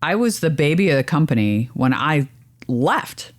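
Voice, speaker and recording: A woman in her forties co-hosts a relaxed conversation, chatty and quick to clarify. Her pitch moves around a lot as she tells her stories, rising and falling with animation. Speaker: podcast co-host. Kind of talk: casual chat.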